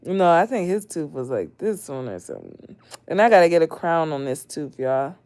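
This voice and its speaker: A mother hosting a casual late-night livestream, expressive and laughing often, swinging between loud outbursts and hushed talk. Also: low-pitched, moderate pace, no room sound. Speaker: livestream host.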